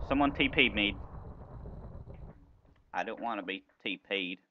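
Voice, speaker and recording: A man playing a video game and commentating, excitable, playful, often yelping and exclaiming. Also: lowish voice, measured pace, muffled recording, a little hiss or hum. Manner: silly, playful banter at other players. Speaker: gaming video host.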